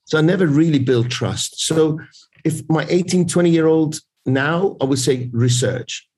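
A man's voice: fairly high pitch, unhurried, darkish tone, slightly rough, poor audio. A middle-aged man, a sales coach interviewed as a guest, speaking bluntly and emphatically and repeating his key points. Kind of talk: casual interview talk.

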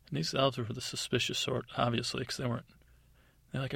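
A man spins a bedtime story in a loose, rambling way, full of fillers and side remarks. His voice is gravelly and a bit husky, recorded close and dry, and he jumps up into high, excited voices whenever a character speaks. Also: fairly quick, no room sound. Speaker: podcast storyteller. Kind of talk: improvised bedtime story narration.

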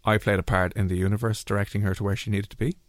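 A radio host talks at a racing pace in a casual chat, animatedly telling stories and acting out what other people said with big jumps in pitch. The sound is clean studio quality with no echo.

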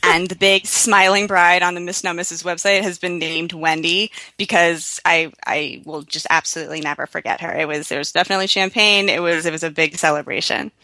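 Bright-voiced woman entrepreneur. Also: fairly low pitch, steady tone, a little fast, hardly any pauses, no echo, low-quality recording. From United States. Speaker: guest entrepreneur. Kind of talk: interview.

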